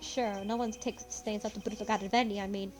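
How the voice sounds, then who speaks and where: A woman reading the lines of a gruff, folksy male police detective in a fan voice-over of a game, calling everyone pal. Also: mid-range voice, little pitch movement, a little fast, over music, close to an everyday voice. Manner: casual tough-guy talk, calls people pal.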